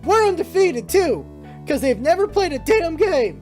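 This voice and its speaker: A woman's voice: very high-pitched, very animated, normal speed, warm tone, faint music behind. A woman reading game dialogue aloud between jokey asides, trying out character voices as she plays. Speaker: let's play streamer.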